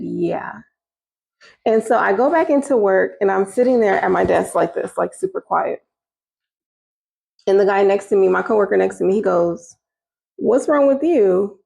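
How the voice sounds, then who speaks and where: A woman's voice: gravelly, a little mellow, breathy edge. A woman telling a personal story in a casual, chatty way, acting out what people said to her. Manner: casual and chatty, acting out quoted lines with rising pitch. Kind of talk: storytime recounting a personal experience.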